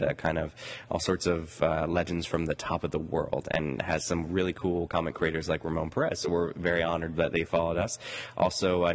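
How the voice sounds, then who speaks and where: A man hosting a casual podcast, talking in a rambling way with lots of fillers. At times he interviews a guest at a booth on a convention floor. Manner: rambling, many fillers, jumps high in pitch when excited. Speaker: podcast host.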